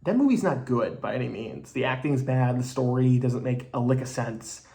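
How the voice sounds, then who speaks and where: A man talks through a movie review in a loose, rambling way, leaning on fillers like "you know" and "like." He speaks bluntly and swears now and then, in a voice of ordinary middle pitch. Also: lively intonation, normal speed, vocal fry, warm tone. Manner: blunt and casually profane. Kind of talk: casual spoken movie review.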